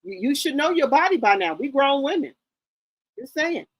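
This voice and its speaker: A woman's voice: high voice, sing-song, normal speed, dry recording, poor audio. Sassy, blunt woman in her fifties. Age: 50s. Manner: blunt, sassy, curses freely. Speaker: livestream host. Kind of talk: casual livestream chat.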